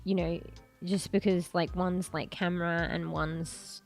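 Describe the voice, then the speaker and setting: A woman's voice: lowish voice, little pitch movement, measured pace, vocal fry, soft background music. A woman streamer chatting casually with her viewers, rambling with lots of fillers and restarts, her throat sore and coughing.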